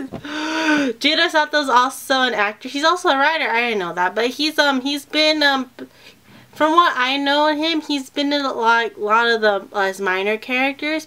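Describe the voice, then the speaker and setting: A woman's voice: sits high, pushed and bright, clean tone. A young woman talking casually to camera in a reaction vlog, chatty and emotional, often trailing off and restarting. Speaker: vlogger reacting to a film trailer.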